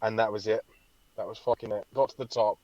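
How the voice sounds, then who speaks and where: Bloke on a podcast, sweary and animated, dull dry lo-fi sound. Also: male voice, on the low side, fairly quick, no room sound. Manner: animated storytelling, swears a lot. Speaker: podcast co-host. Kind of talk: casual chat.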